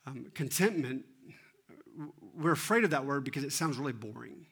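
A man in his thirties giving an animated, self-deprecating sermon and often asking the audience questions. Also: mid-range voice, moderate pace, husky. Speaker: teaching pastor.

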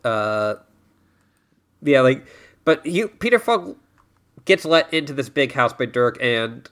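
A man's voice: mid-range voice, expressive, slow pace, pauses often, a bit bright. A man co-hosting a casual podcast chat, recapping the plot with frequent hesitations. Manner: recaps the plot with many uh fillers and acted quotes. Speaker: podcast co-host.

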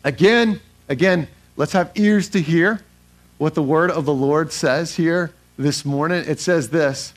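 A man's voice: a little high, measured pace. A male pastor preaching a sermon, emphatic, putting questions to the congregation and repeating phrases for stress. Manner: asks the congregation questions and answers them himself.

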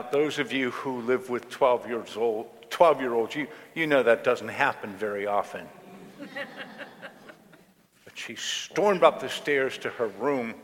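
A male pastor delivering a sermon at a very unhurried pace, his mid-range voice telling a story. The church around him adds a long, trailing reverb. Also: medium pitch, a bit bright.

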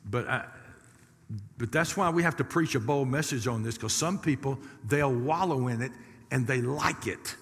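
A middle-aged man, preaching a sermon as a pastor, lively and folksy, with sudden loud rises. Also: medium pitch, moderate pace. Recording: reverberant church hall.

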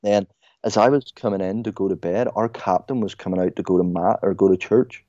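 A man's voice: sits low, brisk, warm tone, no echo, lo-fi sound. A young Irish man chatting casually as a podcast guest, telling stories and calling people mate. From Ireland. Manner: chatty storyteller, says mate a lot. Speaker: guest, former soccer player. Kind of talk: casual podcast chat over a call.

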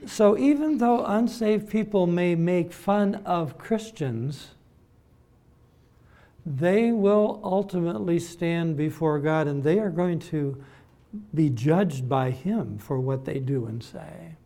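Male preacher, unhurried, emphatic sermon delivery, a touch high-pitched. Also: mellow. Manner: deliberate, emphatic, with repeated words and mimicked voices.

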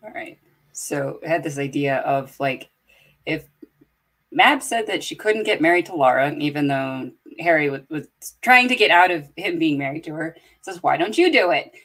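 A woman's voice: sits low, animated, normal speed, fairly bright tone. A woman in casual podcast chat, curious and full of questions.

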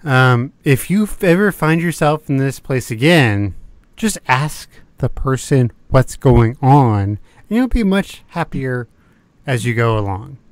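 A man's voice: mid-range voice, very animated, unhurried, dry recording. A man from the American South co-hosting a podcast, rambling casually with frequent laughs and the odd curse. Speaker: podcast co-host. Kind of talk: casual chat.

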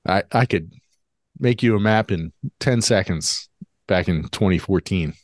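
A man's voice: low-pitched, a little slow, no room sound, clean studio sound. A man co-hosting a podcast, chatting casually and acting out both sides of an old argument. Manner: animated storyteller, acts out both sides of arguments. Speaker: podcast co-host. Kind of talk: casual chat.

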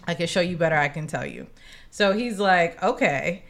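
Animated woman telling a story. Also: fairly low pitch, moderate pace. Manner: animated, acts out quotes, slangy asides. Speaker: podcast co-host. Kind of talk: casual storytelling chat.

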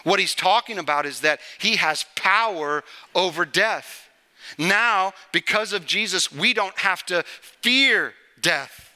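A man preaching a sermon to a congregation, with a strikingly bright, forceful tone set a little high for a man. His delivery is conversational and he keeps checking in with listeners. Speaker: pastor. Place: church service before a congregation.

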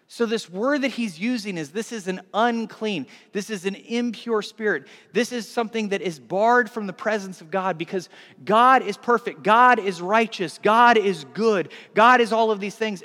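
A man in his forties preaching a sermon as pastor, animated, swinging between hushed and loud. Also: high-pitched. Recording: long hall reverb.

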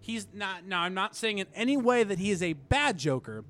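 A man's voice: sits high, very animated, a little fast, fairly bright tone. A man co-hosting a casual podcast, rambling and correcting himself, laughing often. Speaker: podcast co-host. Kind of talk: casual chat.

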